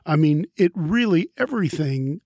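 A man's voice: on the high side, sing-song, moderate pace, warm tone, dry recording, clean studio sound. An older man hosting a podcast, upbeat and joking in a casual, talkative way. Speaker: podcast host. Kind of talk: casual chat.

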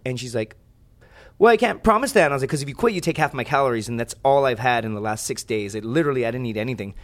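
Appearing as a podcast guest, a young man tells a story very fast in a medium-pitched voice. He rambles and swears casually, tossing in lots of animated asides.

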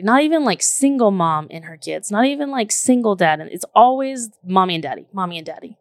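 A woman in her thirties chats casually with a gravelly edge of vocal fry. She tells her story in an animated, emphatic way, leaning on "like". Her voice sounds close and dry, with no room echo. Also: mid-range voice, a little fast, hardly any pauses. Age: 30s. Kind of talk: casual chat.

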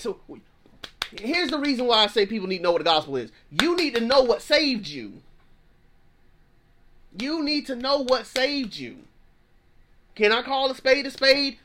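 A man's voice: very high voice, lively intonation, moderate pace, a bit bright. A man in his thirties, a pastor preaching with fervor, repeating phrases for emphasis and dropping into plain slang. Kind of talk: preaching sermon.

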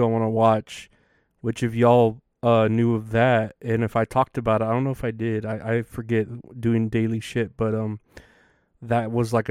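A male podcast host rambles through a casual monologue, swearing freely and leaning on fillers. His voice is smooth and clear. The sound is dry and close. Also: mid-range voice, darkish tone, no echo. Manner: profane, rambling, with many fillers.

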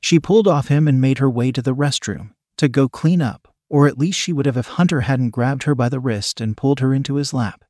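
Man, story narrator, steady read-aloud delivery, dry close recording, mid-range voice. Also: mid-range voice, brisk, hardly any pauses, no room sound.

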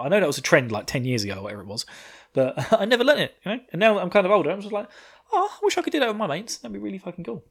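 Rambling man, chuckling recap. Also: medium pitch. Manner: rambling, chuckles often, swears casually. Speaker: podcast co-host. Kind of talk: casual anime episode recap.

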